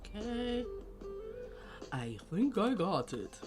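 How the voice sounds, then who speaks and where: A woman's voice: mid-range voice, takes it slowly, over music. A woman hosting a casual live-stream commentary, talking bluntly and directly to her viewers. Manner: blunt, animated, talks straight to viewers.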